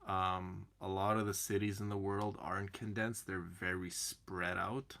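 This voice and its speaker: Slow, gravelly man chatting. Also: deep voice, little pitch movement, fairly bright tone. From Canada. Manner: rambling, addresses viewers by name. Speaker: streamer answering chat. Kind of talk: casual chat.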